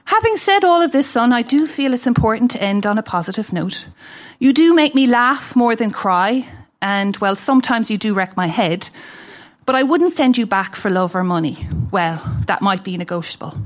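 A woman's voice: a little high, expressive, normal speed. A woman from Ireland with an Irish accent, reading a humorous letter aloud on stage with wry, dry humour. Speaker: festival reader. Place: live event stage.

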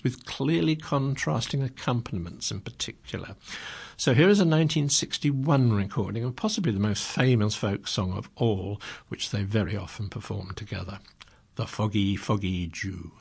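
Radio host guy, gravelly and a bit raspy, lots of ums, chatty intro stuff. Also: medium pitch, animated, moderate pace. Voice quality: creaky, husky. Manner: hesitant, with many ums and restarts. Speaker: radio presenter. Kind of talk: casual radio talk introducing recordings.

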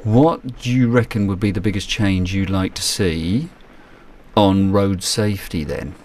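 British male host: low pitch, set back from the mic, easy and curious. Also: unhurried, darkish tone, recorded from a distance. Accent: British English. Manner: curious, asks questions. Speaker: podcast host. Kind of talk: casual interview chat.

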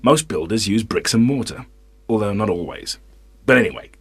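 A man's voice: on the low side, animated, normal speed, slightly rough, no room sound. Playful man reading a children's story. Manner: playful, wry asides to listeners.

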